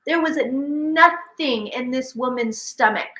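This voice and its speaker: Bright, echoey woman telling animated stories. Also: sits high, takes it slowly. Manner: animated storyteller who acts out quoted speech. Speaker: psychic medium and host. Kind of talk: casual chat.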